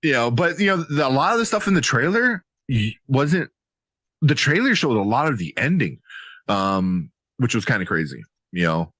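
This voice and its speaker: A man co-hosting a movie talk show, swinging his pitch widely as he riffs and laughs. He often slips into playful mock voices for characters. His voice sounds dry and close to the mic. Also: sing-song, normal speed, fairly bright tone, dry recording. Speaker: podcast co-host. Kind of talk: casual movie review chat.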